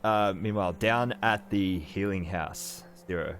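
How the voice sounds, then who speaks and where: Low-voiced male game master. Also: a little slow, clean tone. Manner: relaxed, hesitant with many fillers. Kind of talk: narrating a tabletop game. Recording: faint background noise.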